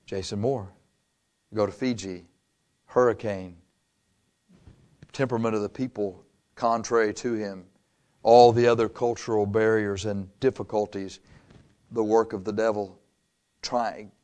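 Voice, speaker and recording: A man's voice: fairly low pitch, measured pace, long pauses, a little mellow. A male pastor preaching a sermon in a conversational way. He chuckles often and reads scripture aloud.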